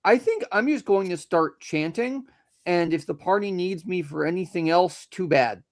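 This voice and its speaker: Guy with a high voice, wry, playing a tabletop game. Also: lively intonation, moderate pace. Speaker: player.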